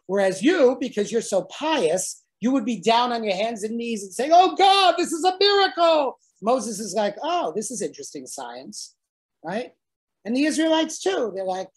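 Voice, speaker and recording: A woman lectures on scripture with lively energy. She keeps asking her listeners "right?" and works Yiddish words into her talk. Her voice sits at an everyday middle pitch. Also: breathy edge. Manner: animated, often asks "right?" of listeners. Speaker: teacher.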